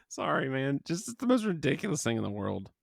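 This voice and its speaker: Here a podcast co-host with a slightly high, gravelly voice talks about a movie in a casual, rambling way. He keeps restarting his sentences because of the hiccups, and the recording is dry with clean studio sound.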